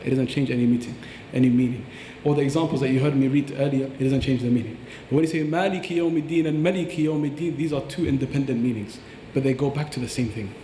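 A man's voice: mid-range voice, fast talker, hardly any pauses, dark tone, reverberant, in a large hall, a little hiss or hum. A man teaching about Quran recitation on a podcast, earnest and explanatory, demonstrating pronunciations aloud.

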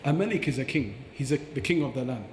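A man's voice: medium pitch, expressive, fast talker, a little hiss or hum. A man explaining Quran recitation on a podcast, breaking into recited Arabic phrases as he teaches. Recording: echoey hall with long reverb.

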